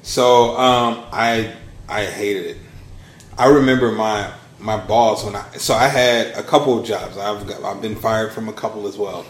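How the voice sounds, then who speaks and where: A man in his thirties, a podcast guest telling his story in a casual, animated way. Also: unhurried, roomy sound. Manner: animated storyteller, acts out quotes with big pitch swings. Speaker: podcast guest, launch strategist.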